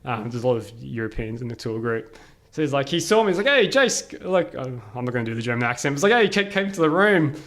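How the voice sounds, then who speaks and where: A podcast guest from Australia, male and medium in pitch, shares a travel anecdote. His delivery is relaxed and energetic, packed with "like" and fast bits of quoted dialogue.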